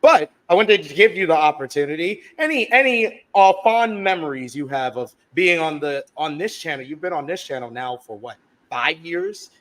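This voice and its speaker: A man's voice: a little high, expressive, normal speed, fairly bright tone. Upbeat man hosting a live show. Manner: upbeat, reads live chat aloud. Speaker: podcast host. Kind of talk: casual live-stream chat.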